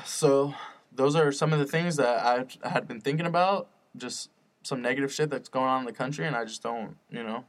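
A young man hosting his own podcast, rambling and swearing often, earnest and fired up about spreading positivity. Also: medium pitch. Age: young adult. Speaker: podcast host. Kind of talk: casual solo podcast rant.

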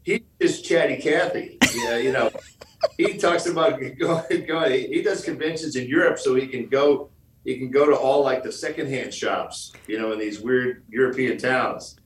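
A man's voice: mid-range voice, normal speed, echoey room, far from the mic, noisy background. A man from Michigan, a guest on a podcast interview, telling stories in a jokey way and acting out the lines he quotes. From Michigan, USA.

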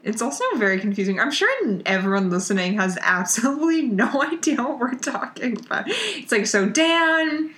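A woman co-hosting a podcast over a remote call, retelling a TV episode in an animated, chatty way. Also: fairly high pitch, normal speed, few pauses. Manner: chatty, animated retelling with lots of "like" and quoted lines. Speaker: podcast co-host recapping a TV show. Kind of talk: casual chat.

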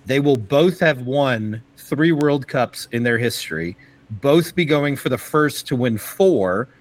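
A man co-hosting a podcast, talking sports in a casual, excited way, halting often with fillers and restarts. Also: medium pitch, rough recording. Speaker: podcast co-host.

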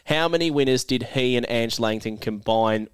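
A man's voice: medium pitch, moderate pace, clean tone, dry recording. An Australian man hosting a podcast, teasing and laughing as he runs a quiz and chats with a guest, and feeling a bit unwell. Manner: jokey, teasing, laughs often. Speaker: podcast host. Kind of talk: casual chat and quiz hosting.

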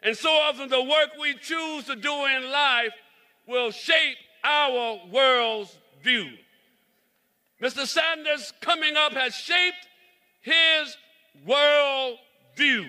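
A man's voice: very high voice, takes it slowly. A man from South Carolina with a Southern drawl, a reverend and lawmaker giving a preacherly rally speech outdoors in the cold. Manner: preacherly, repeating himself, shouting. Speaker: reverend and state representative.

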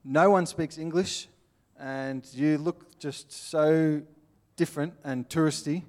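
A man's voice: on the high side, steady tone, slow pace, darkish tone. Earnest Australian man preaching. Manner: earnest, plainspoken, acts out little scenes. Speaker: pastor. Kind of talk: sermon.

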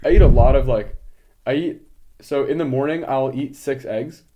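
A man's voice: mid-range voice, moderate pace, mellow, dull audio. A young man co-hosting a podcast, chatting casually with a friend in a joking, rambling way. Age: young adult. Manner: joking, rambling, laughs often. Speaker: podcast co-host. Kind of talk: casual chat.

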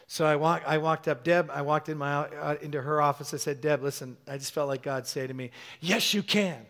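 A middle-aged man preaching to his congregation with an animated, call-and-response delivery. His voice sits a little high for a man, and he tells stories full of fillers and restarts. He keeps urging the crowd to say words back to him. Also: a little fast. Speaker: pastor.

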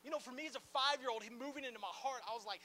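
Guy preaching at church, super high voice, chatty and joking, lots of "like". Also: rapid-fire, a little hiss or hum. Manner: animated and conversational, with playful asides and frequent "like" fillers. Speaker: pastor. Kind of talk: sermon. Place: church gathering in a large room.

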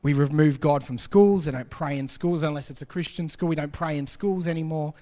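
A man preaching a sermon as pastor, acting out quoted voices and dropping to a hush for emphasis. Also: fairly high pitch, brisk. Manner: animated, acts out quoted voices, drops to quiet for emphasis. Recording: long hall reverb.

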